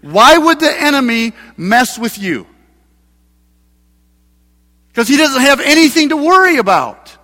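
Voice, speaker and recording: A male pastor preaching a sermon in a church, emphatic and building to loud passages. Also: very high-pitched, very animated, measured pace, pauses often. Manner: preaching with rising, emphatic mocking voices for scripture. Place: church sanctuary. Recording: long hall reverb.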